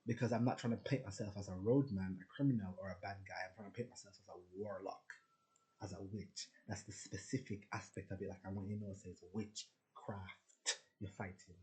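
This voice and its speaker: A man's voice: fairly low pitch, steady tone, brisk, dark tone. A man talking casually to his viewers in a rambling, boastful, profane rant. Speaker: spiritual vlogger. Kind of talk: casual ranting monologue.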